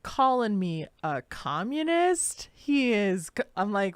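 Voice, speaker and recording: A woman's voice: medium pitch, very animated, slow, smooth, dry recording. A woman co-hosting a live talk show, telling a story in casual chat, acting out quotes and laughing often. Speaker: co-host.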